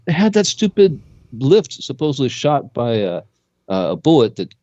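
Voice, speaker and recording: A man co-hosting a casual talk radio show, talking in an animated way and pushing his voice up when he makes a point. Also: moderate pace, no room sound, lo-fi sound. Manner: animated, jumps pitch when making a point. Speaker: co-host.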